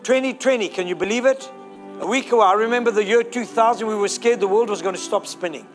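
A man's voice: sits high, fast, soft background music. A man preaching a sermon, fervent and exhorting, rallying the congregation to repeat declarations.

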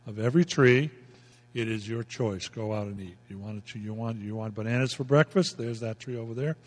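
A man's voice: lowish voice, brisk, long reverb tail. A male pastor preaching a folksy, emphatic sermon, repeating himself as he explains scripture.

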